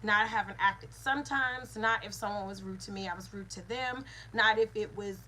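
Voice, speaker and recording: A woman's voice: medium pitch, fairly quick, bright, forceful tone, slight background noise, low-quality recording. A woman, a mother and spiritual teacher, giving an earnest lesson with repeated phrases and call-and-response. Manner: earnest, repetitive teaching cadence.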